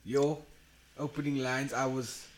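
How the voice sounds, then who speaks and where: A man's voice: medium pitch, fairly even intonation, measured pace, a little hiss or hum. A man co-hosting a podcast in casual chat, joking and slangy, dropping "bruh" and "yo". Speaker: podcast co-host.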